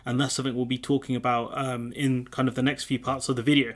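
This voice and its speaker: A man reads political news aloud and adds his own casual remarks, often stumbling over names and filling gaps with ums. His voice has a mid pitch and stays flat and even throughout. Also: fast talker. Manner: casual, with frequent ums and asides. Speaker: political commentator. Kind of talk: reading and commenting on news articles.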